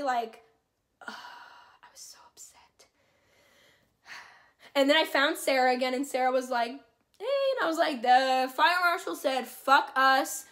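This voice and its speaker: A young woman telling a rambling, excitable concert story to camera, swearing freely. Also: high voice. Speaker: vlogger. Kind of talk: casual storytelling.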